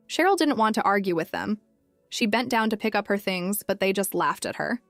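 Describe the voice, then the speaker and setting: A woman narrating a story recap in a steady, even, scripted delivery. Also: mid-range voice, fairly quick, no echo, studio quality, faint music behind.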